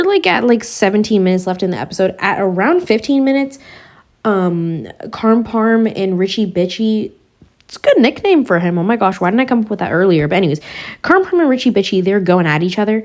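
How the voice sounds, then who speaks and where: A woman's voice: medium pitch, lively intonation, fairly quick. Rambling young woman reviewing a TV show. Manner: rambling, goes off on tangents; chatty, slangy, addresses viewers directly. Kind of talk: casual TV show analysis.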